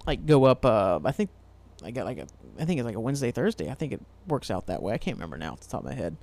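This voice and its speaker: A man's voice: medium pitch, big pitch swings, rapid-fire, creaky, a little mellow. A man from Ohio hosting a casual solo podcast, rambling loosely, swearing freely and laughing at himself. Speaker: podcast host.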